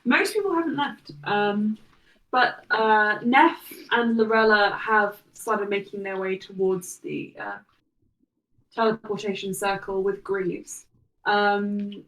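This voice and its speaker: A woman runs a tabletop game as its game master, narrating in a relaxed way with frequent fillers. Her voice sounds roomy and comes from some distance away from the mic. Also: mid-range voice.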